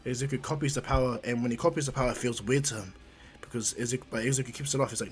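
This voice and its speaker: A man's voice: mid-range voice, steady tone, very fast, soft background music. A man improvising a fan fiction story in a rambling, conversational way.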